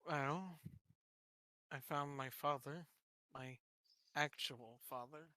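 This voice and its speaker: A man's voice: fairly high pitch, slow, bright, forceful tone, no echo. A man playing his character in a tabletop game, casual and chatty, often restarting sentences. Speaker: player.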